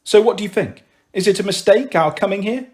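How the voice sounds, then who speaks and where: A man's voice: high voice, brisk, a little mellow, natural voice. A man reading a story aloud, voicing a harried mother who scolds her daughters in an exasperated way. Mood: weary. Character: harried, emotional working-class mother. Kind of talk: audiobook reading.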